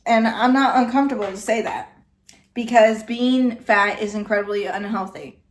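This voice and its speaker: A woman with a slightly high voice talks straight to her viewers in a loose, chatty reaction style. She is blunt and opinionated, with no polish or script. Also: fairly even intonation, moderate pace. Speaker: reaction video host. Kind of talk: casual reaction commentary.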